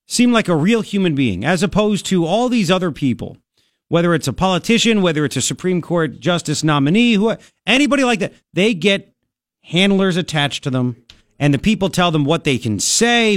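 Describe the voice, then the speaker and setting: A man's voice: high-pitched, dry recording, clean studio sound. A male talk radio host giving an emphatic, ranting political commentary.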